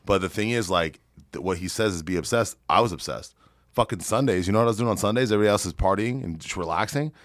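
A man's voice: fairly low pitch, fast, no room sound. A man guesting on a podcast as a real estate investor, telling brash, boastful stories full of swearing. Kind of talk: profane storytelling on a podcast.

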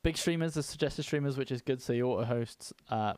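A man's voice: mid-range voice, fairly quick, darkish tone, no room sound. A man hosting a casual streaming podcast chat, rambling along with fillers and restarts. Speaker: podcast host.

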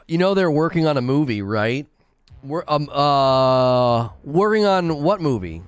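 A man's voice: fairly high pitch, very animated, unhurried, clear, resonant tone, no echo. Giggly male game streamer chatting. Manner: giggly, laughs often at his own jokes; rambling, with many fillers and restarts. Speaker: game streamer talking to chat. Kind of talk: casual live-stream chat.

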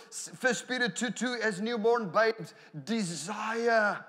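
Middle-aged Australian male pastor, high voice, sermon delivery, lively and laughing, bursts of shouting. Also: unhurried, a faint crowd, a little hiss or hum. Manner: animated storytelling with laughs and shouted hallelujahs.

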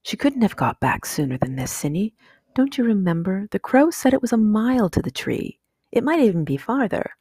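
A woman reading an audiobook, voicing a sensible older sister who reassures the others calmly. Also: deep voice, moderate pace, slightly rough, no room sound, studio quality, exaggerated voice. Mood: reassuring.

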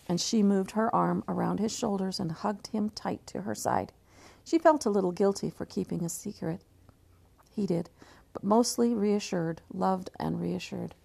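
A woman's voice: medium pitch, gravelly, dark tone. A woman teacher reading a novel aloud, with frequent slips and restarts.

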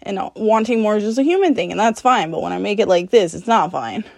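A fast-talking woman with a gravelly, mid-range voice and lively intonation hosts a solo podcast. She speaks candidly, swears freely, mocks herself and laughs often.

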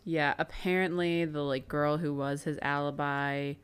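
Young female co-host, very low voice, relaxed and agreeable, casual recap chat. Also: a little slow, clean tone. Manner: easygoing, agreeable, chatty. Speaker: podcast co-host.

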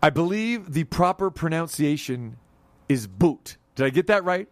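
Male radio sports host, animated banter, fairly high voice, close dry mic. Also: normal speed, no echo. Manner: animated, joking, rambling.

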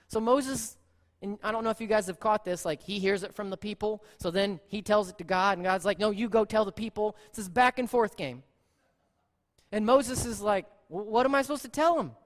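A pastor preaching a sermon in a conversational, animated way, acting out quoted lines. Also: mid-range voice. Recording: long reverb in a large hall.

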